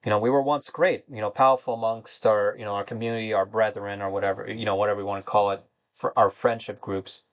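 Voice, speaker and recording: A man's voice: on the low side, steady tone, quick pace, dull audio. A man hosting a gaming channel, talking to his viewers in a rambling, somber and disappointed way, with many fillers and restarts. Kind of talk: casual monologue to viewers.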